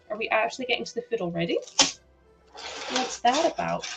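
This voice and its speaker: A woman's voice: fairly high pitch, lively intonation, fairly quick, gravelly, loud music behind the voice, poor audio. A young woman with a sore throat, chatting casually and giggling on a livestream while she builds, talking into a headset at home. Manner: chatty, giggly, reacts to chat aloud. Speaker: livestream host.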